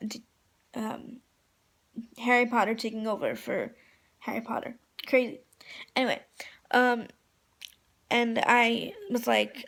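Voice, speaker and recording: A young woman telling a gushing, excitable story in a casual vlog, full of fillers. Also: fairly high pitch, gravelly. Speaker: vlogger.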